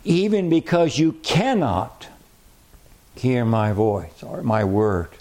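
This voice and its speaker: Mellow-voiced man preaching a sermon. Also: medium pitch, sing-song. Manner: emphatic, repeats key phrases, slows on scripture.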